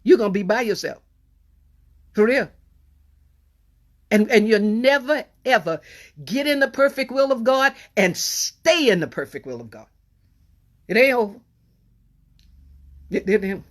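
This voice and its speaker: A middle-aged woman preaching a sermon in a folksy, animated way, often repeating and restarting her phrases. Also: on the high side, unhurried, pauses often.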